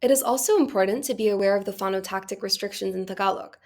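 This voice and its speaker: A young woman, a student presenter, reading a prepared class presentation at a steady pace. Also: mid-range voice, fast. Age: young adult.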